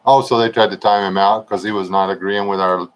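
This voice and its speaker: A man's voice: on the low side, fairly even intonation, fairly quick, a crowd in the background, poor audio. Laid-back man chatting on a livestream. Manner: laid-back, joking, chatting to viewers by name. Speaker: livestream host. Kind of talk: casual livestream chat with viewers.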